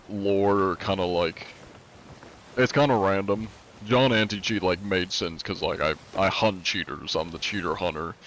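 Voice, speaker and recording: A male streamer chatting casually while playing, rambling and padding his sentences with filler. His voice sits on the low side, with faint noise underneath. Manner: rambling, many filler likes. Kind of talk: casual live-stream commentary.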